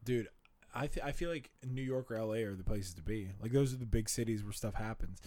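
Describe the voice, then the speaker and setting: A man's voice: fairly low pitch, brisk, warm tone, no room sound. A man in his twenties in a casual podcast chat, rambling laid-back with lots of "like" and "dude". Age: 20s.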